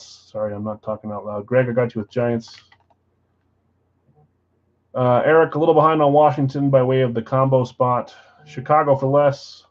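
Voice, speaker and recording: A man's voice: mid-range voice, dull audio. A man hosting a live card break stream, reading off names and teams with chatty asides.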